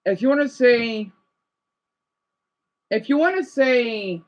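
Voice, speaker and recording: A man's voice: very high voice, animated, slow pace, dull audio. A man chatting casually with his live chat, rambling and hesitant with many restarts. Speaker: livestreamer answering chat.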